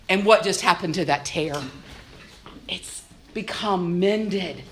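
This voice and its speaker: A woman's voice: fairly low pitch, slow, slight background noise. A woman giving a church youth-group talk, acting out little voices as she goes. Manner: animated, acts out little voices. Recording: echoey room.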